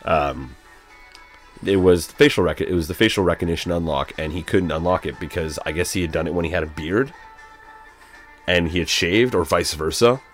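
A man co-hosting a podcast in casual chat, relaxed and hesitant, trailing off mid-thought. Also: deep voice, moderate pace, faint music behind. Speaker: podcast co-host.

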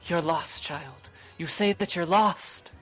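A woman's voice: low-pitched, takes it slowly, soft background music. A woman voicing an old, weathered male dwarf who is awkward with children and earnestly looking for a divine sign.

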